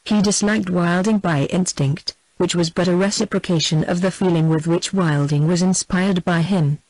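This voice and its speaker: Audiobook narrator, steady even reading, dry close sound, middling pitch. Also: moderate pace, dry recording, poor audio. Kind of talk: scripted narration.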